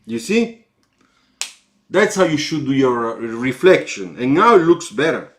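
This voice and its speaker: A man with an Italian accent giving live feedback on car sketches, slow and halting, with encouraging asides. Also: mid-range voice, very animated.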